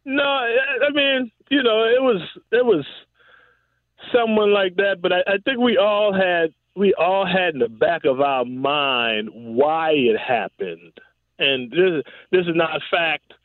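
A man's voice: high voice, expressive, slow, dry recording. A man, a former pro football receiver, telling stories in a casual interview, laughing often and leaning on "you know what I'm saying". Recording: dry, tinny phone-like line.

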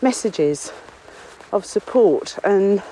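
A woman's voice: medium pitch, animated, extremely slow, mellow, rough recording. A woman rambles cheerfully while walking through trees on a windy common, a little out of breath. She talks in a chatty, self-deprecating way, and faint outdoor noise sits behind her voice. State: slightly out of breath. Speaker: local author and podcast contributor. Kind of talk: casual spoken diary on a walk. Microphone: phone or portable recorder, no headphones.

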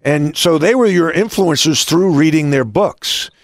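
A man's voice: a little high, measured pace, no room sound, clean studio sound. A man hosting an interview, rambling through anecdotes with frequent restarts. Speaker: host. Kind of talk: casual interview talk.

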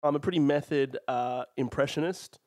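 A man's voice: on the high side, moderate pace, darkish tone, dry recording. Young Australian man, dry close mic. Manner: rambling, mock-formal. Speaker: podcast co-host. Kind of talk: casual comedy podcast chat.

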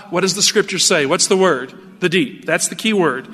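A man preaching a radio sermon in an animated, emphatic way, asking his listeners rhetorical questions. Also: high voice, normal speed, hardly any pauses, in a large hall.

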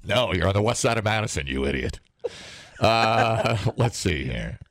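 A man co-hosting a casual radio show, animated and quick to burst into loud rants and laughs. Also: lowish voice, dry recording. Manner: animated, swings into loud outbursts, laughs often. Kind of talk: casual morning show banter.

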